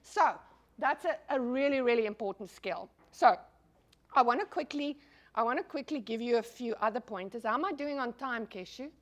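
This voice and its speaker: A middle-aged woman lecturing a class in a high, bright voice. She is animated and talks to the room directly, firing questions at the audience and dropping casual swear words. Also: normal speed.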